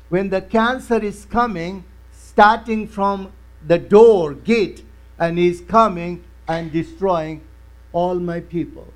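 A man preaching a sermon, emphatic and repetitive, explaining a Bible passage slowly. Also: sits high, rough recording. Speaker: pastor.

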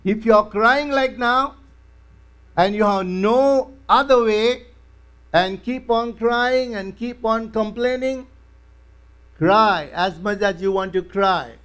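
Pastor, male, high voice, emphatic repetitive preaching. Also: takes it slowly, fairly bright tone. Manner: emphatic preaching with repeated phrases. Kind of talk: sermon.

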